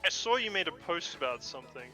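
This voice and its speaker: Bright-voiced young man, mock-grand. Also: on the high side, very animated, quick pace, faint music behind. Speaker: podcast co-host. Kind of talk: casual chat.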